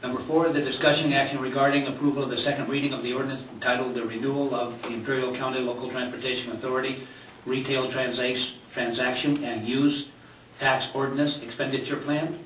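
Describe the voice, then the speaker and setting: A man's voice: medium pitch, fairly quick. Man, board chair, easygoing, roomy chamber, heard from afar. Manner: relaxed, joking. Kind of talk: chairing a public meeting. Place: large government chamber. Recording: echoey chamber, distant mic, hiss.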